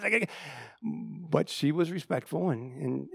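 A middle-aged man preaching a sermon as pastor, telling a story with repeated words and swinging between loud emphatic lines and hushed drops. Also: a little high, expressive, unhurried, creaky, slightly rough, dry recording, studio quality.

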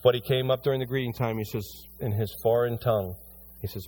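A middle-aged man preaching a sermon to his congregation as pastor, emphatic, swinging from loud rising bursts to hushed pleading, then leading a prayer. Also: medium pitch, fairly even intonation, fast talker, a little hiss or hum. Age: middle-aged or older. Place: church sanctuary before a congregation.

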